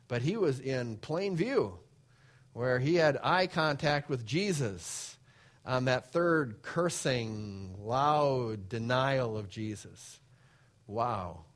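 A man preaching a sermon, reading scripture verses aloud and then explaining them in plain conversational asides. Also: medium pitch.

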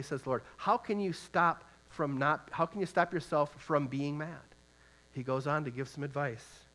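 Earnest man preaching a sermon, higher-pitched. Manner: earnest preaching with rhetorical questions and quoted scripture; swells from soft, slow reflection to loud emphatic urging.

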